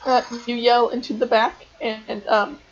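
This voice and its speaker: A woman's voice: fairly high pitch, level tone, a little slow, muffled recording. A young woman narrating as game master for a tabletop game, hesitant and full of ums and restarts.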